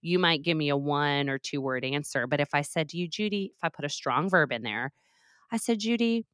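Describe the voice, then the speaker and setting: Forties woman guest, low voice, lively explainer, dry sound. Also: a little fast, clean tone, no room sound. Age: 40s. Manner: animated, explains with quoted examples. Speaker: guest, professor and author. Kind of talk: conversational interview.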